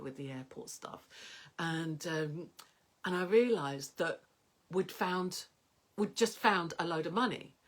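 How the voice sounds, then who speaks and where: A middle-aged woman, telling a rambling personal story to camera with many fillers and an animated delivery. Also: low-pitched. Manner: rambling, animated, many fillers, dreamy soft whispers in places. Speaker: personal development coach.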